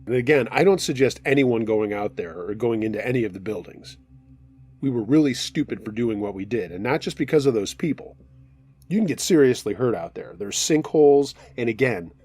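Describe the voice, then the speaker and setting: A man narrating true scary stories from listeners in the first person, in a steady storytelling way. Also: mid-range voice, husky.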